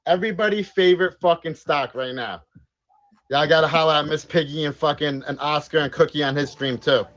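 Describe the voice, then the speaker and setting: A man's voice: a little fast, a bit bright, muffled recording. A man streaming a game role-play, hyped and profane, calling out to his chat. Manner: profane, hyped, swings up and down in pitch. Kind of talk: live game stream chatter.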